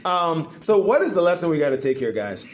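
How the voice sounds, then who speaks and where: High, lively-voiced male preacher. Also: a little fast, slight background noise. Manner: animated, rhetorical questions to the congregation. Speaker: pastor. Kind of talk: sermon. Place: church.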